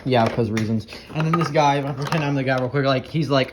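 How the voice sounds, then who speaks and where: A speaker of middle pitch rambles excitably through a chaotic video, tripping over words and restarting often. The recording carries a clear layer of background noise under the voice. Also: rapid-fire, few pauses. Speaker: commentator narrating a video. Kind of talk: casual rambling commentary. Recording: noisy home recording.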